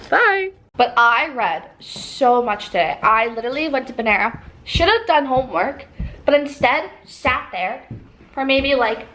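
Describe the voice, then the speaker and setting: A woman's voice: sits high, a bit bright, a little hiss or hum, low-quality recording. A young woman talking casually in a book vlog, chatty and full of "like". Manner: chatty, fills talk with "like". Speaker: book vlogger. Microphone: camera propped up without tripod.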